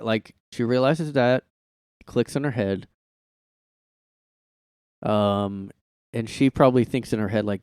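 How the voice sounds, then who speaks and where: A man's voice: on the low side, a little slow, pauses often, darkish tone, clean tone, dry recording. A man hosting a casual solo podcast from his room, rambling and swearing, packing his speech with "like", on a close mic. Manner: rambling, heavy "like" filler, profane. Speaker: podcast host.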